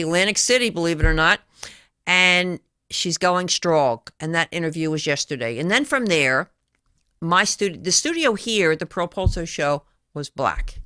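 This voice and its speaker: A middle-aged woman hosting a talk show monologue, emphatic and rambling, firing off rhetorical questions. Her voice is bright and forceful, with a smooth, resonant clarity. The studio sound is dry and close. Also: on the low side, dry recording.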